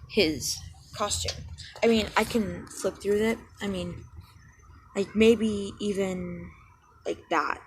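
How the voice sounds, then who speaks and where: A young woman at an average pitch, spinning a fan story off the cuff. She wanders, corrects her own slips and keeps apologizing as she goes, and a faint ambient noise sits behind her voice. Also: low-quality recording. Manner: rambling, self-correcting, apologetic. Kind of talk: casual fan-story retelling.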